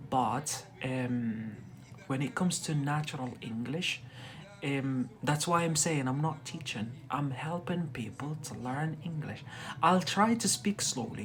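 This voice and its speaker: A man from Algeria, giving a live-streamed English lesson, talking deliberately and checking in with "yeah?" after most phrases. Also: mid-range voice, slight background noise. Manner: deliberately slow, frequent "yeah?" check-ins. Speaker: English tutor livestreamer.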